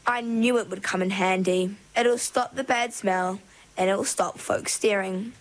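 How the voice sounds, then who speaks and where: A woman's voice: mid-range voice, steady tone, measured pace, close to an everyday voice, low-quality recording. A woman voicing a bossy, mysterious mer-woman in a storybook reading, speaking in an insistent, solemn manner. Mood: practical.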